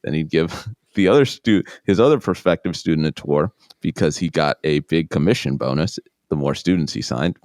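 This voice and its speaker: A man telling his own story as an interview guest, self-deprecating and animated, acting out the people in it. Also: extremely low pitch, normal speed, no room sound, studio quality. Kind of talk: casual storytelling.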